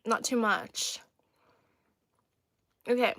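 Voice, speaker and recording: A woman's voice: on the high side, steady tone, extremely slow, fairly bright tone, dry recording, studio quality. A young woman from China hosting a casual eating live stream, sassy and playful, teasing her viewers and laughing often over a phone mic. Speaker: livestream host.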